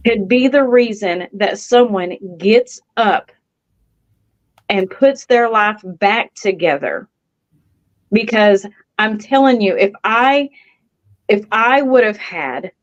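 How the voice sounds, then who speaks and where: Woman talking real slow and teary about faith, muffled lo-fi call audio. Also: mid-range voice. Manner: slow, tearful, faith-filled, halting. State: holding back tears. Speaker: contributing author. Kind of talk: emotional testimony on a live video call.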